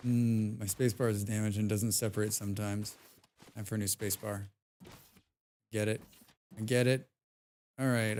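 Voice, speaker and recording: A man's voice: lowish voice, mellow. A man casually commentating his own game stream from home, muttering, humming and swearing as he plays.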